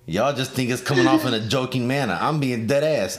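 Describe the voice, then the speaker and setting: A man's voice: mid-range voice, brisk. A man hosting a casual chat, swearing often and laughing through his stories. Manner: profane, laughing storyteller. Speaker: host.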